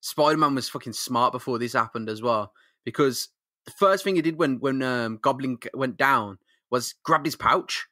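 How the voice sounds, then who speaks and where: A man's voice: mid-range voice, normal speed, pushed and bright, no echo, studio quality. A man co-hosting a casual comic-book podcast, making emphatic points, swearing and laughing along. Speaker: podcast co-host.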